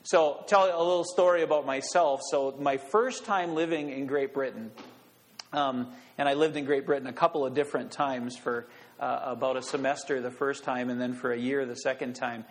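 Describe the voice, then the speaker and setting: A middle-aged man from Minnesota, preaching a sermon in a relaxed, storytelling way with light humor. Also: medium pitch, moderate pace. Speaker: pastor. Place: church sanctuary. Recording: long reverb in a church.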